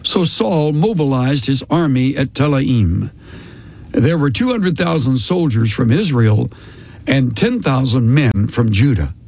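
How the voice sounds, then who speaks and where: A man reading a long scripture passage aloud in a measured, deliberate way. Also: medium pitch, a little mellow, no room sound, rough recording. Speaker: scripture reader.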